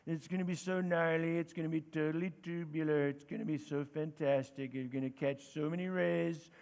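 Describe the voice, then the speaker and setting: A man doing an impression of a former president as a slow, loose surfer type, recorded with a long hall reverb. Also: on the high side, steady tone, creaky, darkish tone, voice pushed down. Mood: dreamy. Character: rambling male former president impression, laid-back surfer drawl. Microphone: belt mic.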